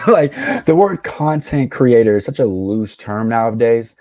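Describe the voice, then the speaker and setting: A man's voice: medium pitch, animated, measured pace, few pauses, dark tone, no echo, studio quality. A man reacting to a dating clip, giving cocky, slangy dating advice and laughing at his own jokes. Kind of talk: reaction commentary to camera.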